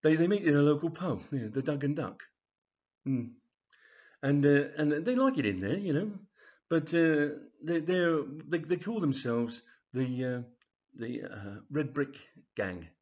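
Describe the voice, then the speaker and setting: Chatty, rambling storyteller. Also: male voice, fairly high pitch, lively intonation, unhurried, darkish tone, lo-fi sound. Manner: rambling, chatty, many fillers. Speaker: author reading his story. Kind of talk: storytelling reading.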